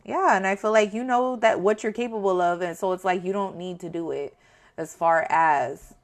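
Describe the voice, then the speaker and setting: A woman's voice: medium pitch, normal speed. Blunt, profane woman tarot reader. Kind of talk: casual spoken tarot reading.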